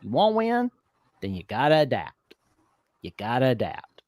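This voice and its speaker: A man hosting a casual college football talk show, animated and given to mock-scolding asides. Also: medium pitch, moderate pace, dry recording, clean studio sound.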